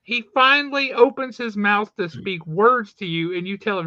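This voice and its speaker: An excitable man gushing in casual chat about comics, his voice high and very bright. The sound is dry and a little dull, with no room around it. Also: normal speed, few pauses, no echo. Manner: enthusiastic, exclamatory. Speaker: podcast co-host.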